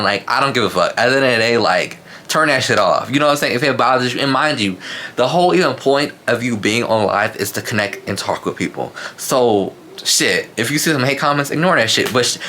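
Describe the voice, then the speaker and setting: A man telling a casual storytime vlog, animated and slangy, with lots of fillers and asides to his viewers. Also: mid-range voice.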